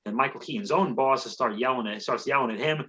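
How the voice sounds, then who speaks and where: A man's voice: mid-range voice, quick pace, bright, forceful tone, muffled recording. A man hosting a comedy podcast, recapping a movie in a rambling, sarcastic way.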